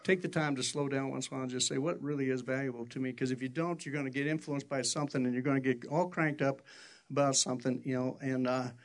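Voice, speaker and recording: An older man preaching a sermon, telling stories in an animated way and jumping high for quoted voices. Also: fast talker. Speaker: pastor.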